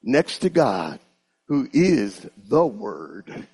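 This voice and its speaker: A man preaching a lively sermon to his congregation, drawing his words out slowly and unhurriedly. His voice is gravelly and husky. His pitch leaps high and drops low as he calls on listeners to answer him back. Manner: animated, call-and-response with congregation.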